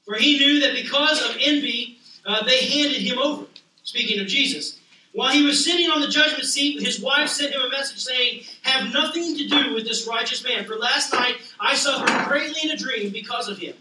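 A male pastor preaching a sermon with passion, rising to loud cries and dropping to hushed lines. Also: extremely high pitch, normal speed, slight background noise. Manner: impassioned, swinging from loud to hushed. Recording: echoey room, voice a bit distant.

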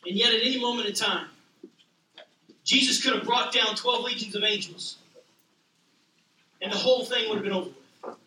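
High bright-voiced preacher in an echoey hall. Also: male voice, fairly even intonation, moderate pace, long pauses, a little hiss or hum. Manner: impassioned, swinging from loud to hushed. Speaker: pastor. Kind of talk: sermon. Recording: echoey room, voice a bit distant.

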